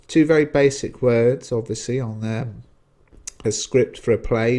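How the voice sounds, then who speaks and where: A man's voice: medium pitch, darkish tone. A man teaching a lesson, explaining a text in a chatty way with frequent fillers.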